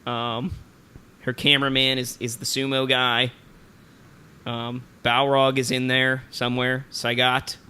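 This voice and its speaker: A man co-hosting a casual podcast chat, joking around, humming theme tunes and filling pauses with ums. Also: mid-range voice, completely flat delivery, pushed and bright, clear, resonant tone. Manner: jokey, hums theme tunes, lots of ums. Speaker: podcast co-host.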